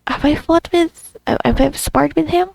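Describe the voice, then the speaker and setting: This gamer is a young woman whose high-pitched, creaky voice carries a slightly mellow quality, heard in a dry recording. At a normal speed, she giggles and chats to herself in casual commentary on the story quest she's playing.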